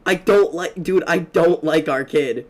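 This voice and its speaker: A young man streaming a game, telling stories in a fast, rambling, excitable way, swearing often. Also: on the high side. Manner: excitable and profane, fast rambling storytelling with many fillers. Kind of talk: casual gaming stream chat.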